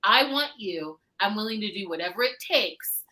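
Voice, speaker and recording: A woman co-hosting a casual book discussion, animated and acting out characters' lines. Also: medium pitch, moderate pace, poor audio. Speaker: book club co-host.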